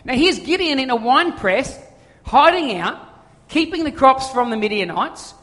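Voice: sits high, very animated, normal speed, a bit bright. A preacher, giving a conversational sermon full of jokes and asides. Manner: conversational, joking storyteller. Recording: long reverb of a large hall.

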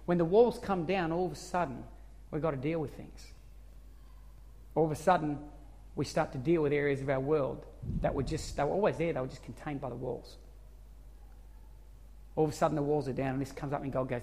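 A man's voice: a little high, fairly even intonation, fast talker, a little mellow. A man preaching a sermon as a pastor, earnest and conversational, stumbling and restarting as he goes. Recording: long hall reverb.

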